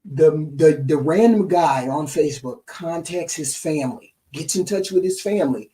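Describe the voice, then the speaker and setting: Mellow-voiced woman telling a family story. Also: deep voice, normal speed, distant mic, low-quality recording. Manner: animated retelling, tags lines with "right?". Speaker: podcast co-host. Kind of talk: casual storytelling chat.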